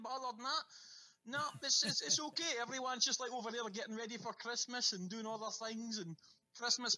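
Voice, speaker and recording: A man's voice: very high-pitched, pushed and bright. A Scottish man calling in to a radio show, chatting casually and cheekily, rambling with jokes. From Scotland. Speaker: caller. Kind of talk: casual phone chat. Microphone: phone.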